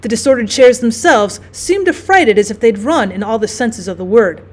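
Woman reading a classic story aloud. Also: fairly high pitch. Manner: measured, expressive storytelling. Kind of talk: audiobook narration.

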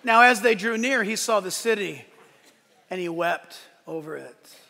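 High, bright-voiced male pastor preaching. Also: measured pace, gravelly, big-room sound. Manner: animated, joking, acts out quotes. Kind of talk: sermon. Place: church sanctuary.

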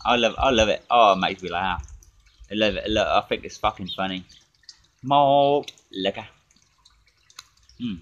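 A man's voice: on the low side, a little slow, pauses often, fairly bright tone, lo-fi sound. A man ranting and swearing at his critics in a casual drinking vlog, recorded outdoors in a garden. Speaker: drinking vlogger.

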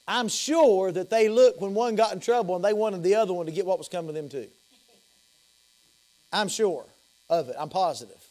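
With a high-pitched voice, this middle-aged male pastor from the American South delivers a forceful sermon, circling back on phrases and dropping from loud to quiet.

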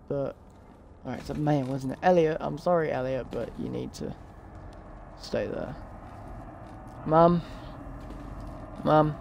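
Brief: gamer, horror playthrough, jumpy, mellow dark tone, faint hiss. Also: mid-range voice, gravelly. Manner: jumpy, talks to game characters, startled shrieks. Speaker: let's play gamer. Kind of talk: horror game commentary.

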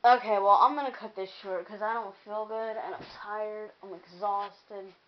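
A woman's voice: medium pitch, steady tone, moderate pace, lo-fi sound, a little hiss or hum. A young woman chatting casually on a vlog, rambling and venting about her week, laughing and swearing as she goes. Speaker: vlogger.

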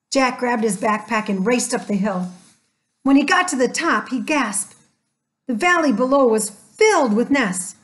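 A woman narrating a children's chapter book aloud in a gentle, measured way. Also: fairly high pitch. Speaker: storyteller. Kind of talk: scripted storybook narration.

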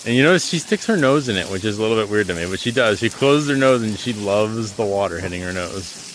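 A man's voice: lowish voice, animated, fast talker, a bit bright, rough recording. A man homesteader chatting casually and fondly to his pigs outdoors on a farm, using doting baby talk. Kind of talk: casual vlog chat with animals. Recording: outdoor farm noise and animals.

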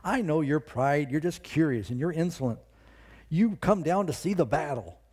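A man's voice: on the high side, expressive, normal speed, darkish tone, breathy edge. A man voicing an angry older brother who scolds and accuses in a scornful way. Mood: scolding.

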